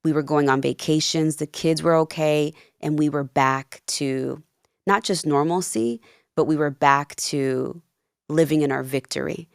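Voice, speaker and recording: Her deep voice is creaky yet smooth and unhurried as she recounts her story as a podcast guest. She's a New Jersey life coach from a Peruvian family, candidly and earnestly retelling events with quoted dialogue, recorded at studio quality without echo.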